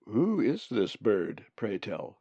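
A man voicing a big male raven with a deep, formal, old-fashioned and pompous way of talking, for an audiobook. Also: wildly swooping pitch, takes it slowly, dark tone, slightly rough, no room sound, muffled recording, full character voice. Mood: formal, stern. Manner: old-fashioned, pompous, booming when angry.

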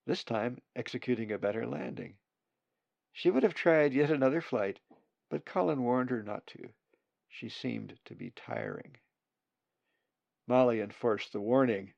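An unhurried man reads a children's storybook aloud, his gravelly voice rising and falling expressively. The recording is dull and lo-fi, in a dry, dead room. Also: fairly low pitch, sing-song, a little mellow, no room sound.

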